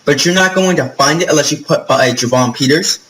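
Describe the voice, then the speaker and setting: A man's voice: on the high side, a little fast, a bit bright, poor audio. A young man from New York talking straight to camera, telling rambling, profane stories full of fillers. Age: young adult. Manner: chatty, profane storytelling with lots of fillers. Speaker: vlogger. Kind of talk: casual vlog monologue.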